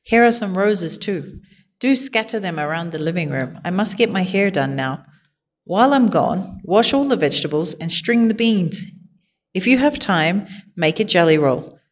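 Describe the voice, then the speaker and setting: A woman voicing a busy lady of the house who gives brisk orders in a storybook. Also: lowish voice, animated, highs cut off. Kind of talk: storybook character voice.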